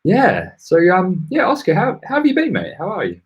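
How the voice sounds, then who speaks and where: A man's voice: high voice, huge pitch swings, moderate pace, rough recording. A man with an English accent co-hosting a casual podcast over a call, a chatty storyteller who laughs often. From England. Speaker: podcast co-host.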